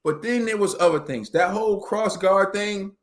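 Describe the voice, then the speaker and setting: A man co-hosting a casual boxing talk show, telling the story in an animated, slangy way and acting out quotes. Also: sits high, moderate pace.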